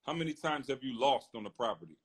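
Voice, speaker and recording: A man's voice: mid-range voice, lively intonation, fast talker, breathy edge. A man hosting a casual live-stream chat, hyped and promotional, acting out viewers' questions. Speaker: host. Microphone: phone on a live stream.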